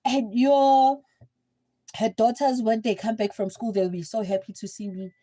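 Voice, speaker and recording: A young woman with a South African accent, telling a story in a chatty, animated livestream style. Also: a little high, unhurried. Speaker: livestream host. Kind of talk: casual storytelling.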